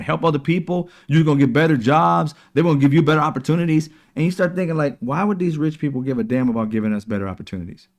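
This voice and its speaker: Heated, sarcastic man ranting about politics. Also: medium pitch. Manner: heated, sarcastic, preachy, swears freely. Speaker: political commentary host. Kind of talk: casual political commentary.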